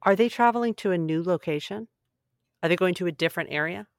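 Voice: medium pitch, quick pace, no room sound. Quizzical podcast co-host, dry sound. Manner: quizzical, asks lots of questions. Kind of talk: casual chat.

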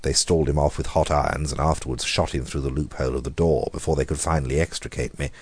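A man narrating a horror story in a measured, grave reading, slowing down for dramatic moments. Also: a bass voice, a little mellow, breathy edge, dry recording. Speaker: audiobook reader.

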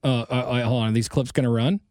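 A man's voice: mid-range voice, steady tone, fast, a little mellow, no echo, studio quality. Blunt, ranting male radio host. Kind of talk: casual radio banter.

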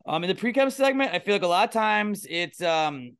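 A man's voice: high-pitched, expressive, a little fast, fairly bright tone, smooth, no room sound, studio quality. A man hosting a comedy podcast, chatting casually and rambling with lots of filler words. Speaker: podcast host.

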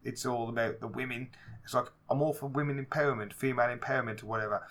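A man with a Black Country accent, co-hosting a casual movie podcast, talking in a lively way, swearing freely and acting out scenes in raised voices. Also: mid-range voice, quick pace. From England. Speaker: podcast co-host. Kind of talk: casual movie review chat.

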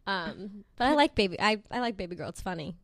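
A woman's voice: medium pitch, animated, fast talker, no room sound. A woman in her twenties co-hosting a podcast, rambling in casual chat, swearing freely and laughing often. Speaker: podcast co-host.

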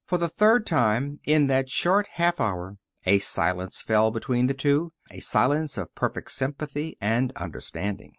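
A man narrating a novel in an expressive, flowing storytelling manner. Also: medium pitch, unhurried, few pauses, no room sound, studio quality. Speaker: audiobook reader. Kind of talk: scripted narration.

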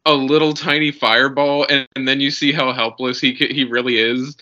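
Podcast co-host, man, earnest, animated retelling, very bright and sharp tone. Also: medium pitch, fairly quick, muffled recording. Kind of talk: casual chat.

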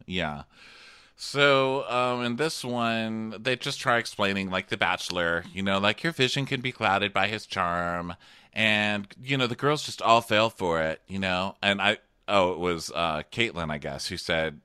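A man's voice: fairly low pitch, a little slow, sharp tone, clean tone, no echo, clean studio sound. A man co-hosting a casual podcast, recapping a TV show, laughing often and mimicking people in exaggerated voices. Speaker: podcast co-host.

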